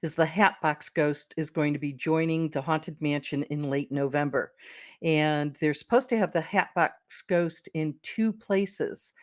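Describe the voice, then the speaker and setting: A woman's voice: low-pitched, unhurried, no echo, clean studio sound. A middle-aged woman co-hosting a podcast in casual, enthusiastic chat, often restarting words. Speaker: podcast co-host.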